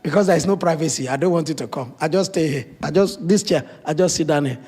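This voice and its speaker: A man's voice: fairly high pitch, fast talker, warm tone, breathy edge, soft background music. A man from Africa preaching a sermon as pastor, in a conversational way with blunt humor.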